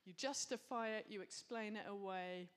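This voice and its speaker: A woman's voice: medium pitch, normal speed. A woman preaching a sermon, earnest and reflective, with casual asides.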